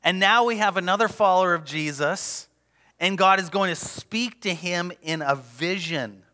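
A man preaching a sermon as pastor, passionate and emphatic, sometimes dropping to a hush. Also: high-pitched, moderate pace. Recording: long reverb of a large hall.

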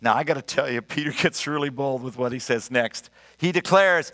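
A middle-aged man preaching a sermon, telling stories in an animated, emphatic and earnest way. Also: a little high, normal speed. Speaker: pastor. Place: church sanctuary. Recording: long reverb of a large church hall.

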